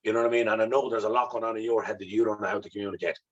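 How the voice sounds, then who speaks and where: An Irish man, appearing as an interview guest, tells a personal story with intensity, swearing freely and acting out the dialogue he remembers. His voice is fairly low with fairly even intonation, and he talks very fast. The highs are cut off in this candid, conversational recording.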